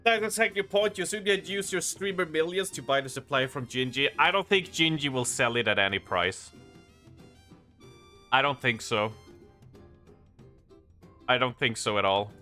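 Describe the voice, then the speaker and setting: Faint music plays behind a male game streamer whose medium-pitched voice is bright and forceful, moving at a moderate pace with long pauses. He rambles through casual chat with viewers, joking and laughing at himself often.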